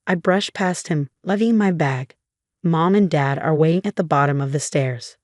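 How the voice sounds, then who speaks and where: A woman narrating a first-person story in a steady, scripted reading. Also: low-pitched, moderate pace, no room sound, clean studio sound.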